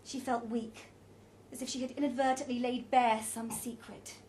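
Woman narrating an audiobook, higher voice. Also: steady tone, moderate pace, a little mellow, a little hiss or hum.

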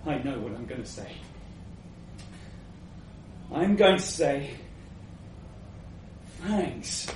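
A man reading a first-person story aloud to a live audience, unhurried, with acted asides. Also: mid-range voice, sing-song, slight background noise. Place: live event venue before an audience. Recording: echoey venue from a distant mic.

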